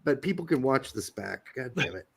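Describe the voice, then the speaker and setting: A man's voice: medium pitch, brisk, creaky, breathy edge. A middle-aged man co-hosting a soccer podcast, telling crude jokes and stories in casual chat. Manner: crude, joking, animated storyteller. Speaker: podcast co-host.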